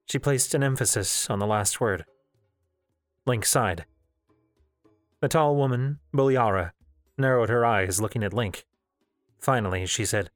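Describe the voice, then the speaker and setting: A man narrating a novel in a measured, even storytelling voice. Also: mid-range voice, dry recording, studio quality, faint music behind. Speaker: audiobook narrator. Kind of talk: novel reading.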